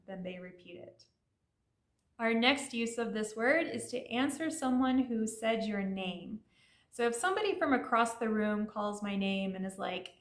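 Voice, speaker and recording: A woman's voice: medium pitch, roomy sound. A woman teaching learners in a friendly, explanatory way, with casual fillers. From Iranian family. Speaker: language teacher.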